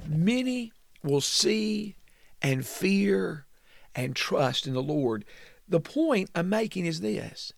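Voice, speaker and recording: A man preaching a sermon, reading and explaining scripture in a slow, emphatic way. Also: sits high, big pitch swings, vocal fry, dry recording, studio quality.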